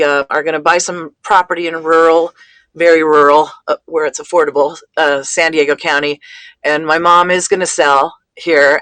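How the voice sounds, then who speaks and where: A woman speaking as a guest in a casual conversation, talking haltingly with many fillers and restarts. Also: deep voice, a bit bright, dry recording. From California.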